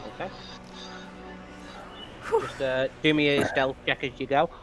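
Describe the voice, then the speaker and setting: A man running a tabletop game as game master, relaxed and chuckling as he makes casual rulings. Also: medium pitch, a little slow, music in the background.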